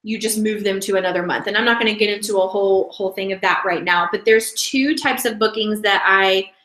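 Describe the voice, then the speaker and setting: Speaking fairly quickly at a medium pitch with a slightly bright tone, a woman who leads a direct sales team delivers a casual, rambling training talk. She keeps cutting herself off and starting sentences over. The recording is rough, with an echoey room.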